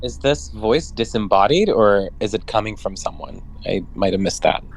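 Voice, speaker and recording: A man playing a tabletop game, asking the game master relaxed questions. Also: on the low side, normal speed, low-quality recording. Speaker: player. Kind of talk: casual chat at a tabletop game.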